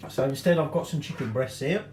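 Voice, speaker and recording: A man's voice: medium pitch, a little fast, a little mellow, reverberant, a little hiss or hum. A man hosting a cooking tutorial, chatty, with joking, self-mocking asides. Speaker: cooking show host.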